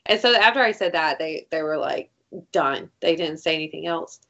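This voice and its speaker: A woman co-hosting a casual chat, telling stories in an animated way, acting out quotes and swearing freely. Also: sits low, normal speed, lo-fi sound.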